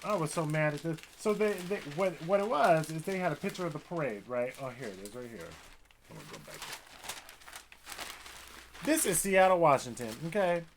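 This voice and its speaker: A man's voice: fairly high pitch, lively intonation, a little fast, slight background noise. A man vlogging a heated commentary rant, talking in a profane, conversational way. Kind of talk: ranting commentary vlog. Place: Seattle, Washington.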